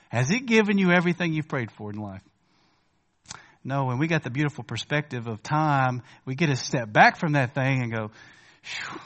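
A man preaching a sermon in a church, talking conversationally to the congregation and rising to emphatic questions before dropping to quiet asides. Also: mid-range voice. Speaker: pastor.

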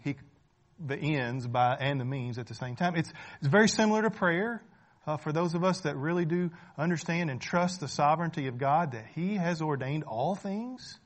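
A man preaching a sermon in a conversational way, asking rhetorical questions, checking in with the listeners and repeating phrases for emphasis. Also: on the high side.

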